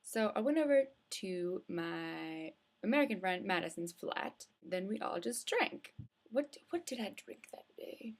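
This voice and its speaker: A woman's voice: medium pitch, expressive, unhurried. A young woman vlogging from home, telling a casual, rambling story full of likes and restarts. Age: young adult. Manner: chatty, rambling, with many filler likes and restarts. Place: indoors at home, with hood up.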